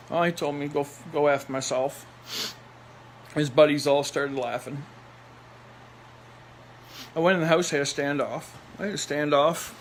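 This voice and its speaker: A man's voice: a little high, steady tone, moderate pace, long pauses, a little hiss or hum, low-quality recording. A man telling a personal story in a blunt, rambling way, repeating phrases for emphasis and laughing in between. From Nova Scotia, Canada.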